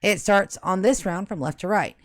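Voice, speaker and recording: A woman's voice: mid-range voice, moderate pace, dry recording. A woman narrating as game master of a tabletop game, joking and swearing at her players.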